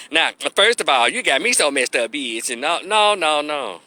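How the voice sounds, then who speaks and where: A man's voice: fairly high pitch, lively intonation, a little fast, bright, forceful tone. A man from gives blunt, preachy opinion commentary, folksy and salty-mouthed. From Memphis, Tennessee, US. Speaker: opinion vlogger, social worker.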